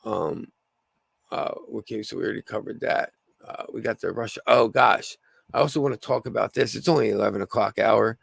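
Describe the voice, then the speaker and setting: A slightly hoarse man with a gravelly voice hosting a casual livestream, rambling with lots of fillers and restarts. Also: fairly low pitch, fairly quick, no echo. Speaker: livestream host.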